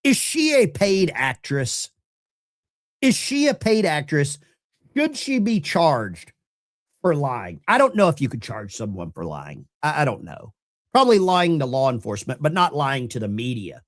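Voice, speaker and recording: A man hosting a casual livestream from a room at home, mocking and sarcastic, jumping between loud jabs and quiet asides. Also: fairly high pitch, very animated, measured pace. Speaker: livestream host. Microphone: desk camera mic.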